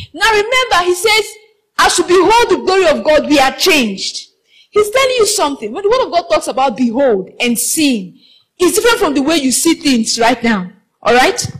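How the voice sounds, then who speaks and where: High-voiced fervent woman preacher. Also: husky, poor audio. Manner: fervent, half-sings phrases, calls for responses from the congregation. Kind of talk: sermon. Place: large hall with a congregation.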